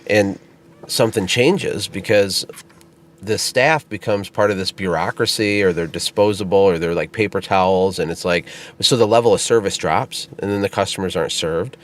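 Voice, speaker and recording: A man co-hosting a casual podcast chat, telling stories in an animated way and laughing as he goes. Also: sits low, moderate pace. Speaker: podcast co-host and business founder.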